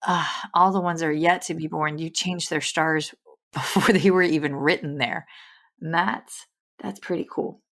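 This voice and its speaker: A woman hosting a podcast, talking with emotion and animated storytelling, often laughing. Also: low voice, normal speed. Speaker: podcast host. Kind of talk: casual podcast interview.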